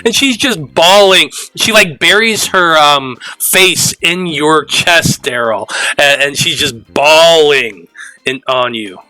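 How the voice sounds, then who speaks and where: A man narrating as game master, halting and full of fillers as he describes scenes. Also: a little high, pushed and bright, poor audio.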